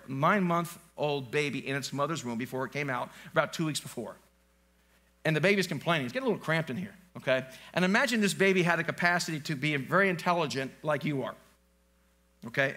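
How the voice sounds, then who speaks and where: A man's voice: fairly high pitch, bright, forceful tone. A male pastor preaching a live church sermon in a conversational, joking way, often quizzing the congregation. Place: church sanctuary, live service.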